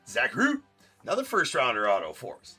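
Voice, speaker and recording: Joking card break host, bright voice. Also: male voice, mid-range voice, breathy edge. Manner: casual, joking, swears offhand. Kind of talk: live-stream card break commentary.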